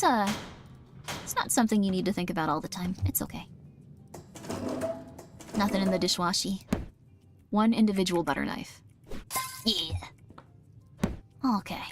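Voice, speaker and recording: A woman streaming a game in casual chat, rambling and self-mocking, reading chat as she plays. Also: medium pitch. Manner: rambling, self-mocking, jumps into quoted voices.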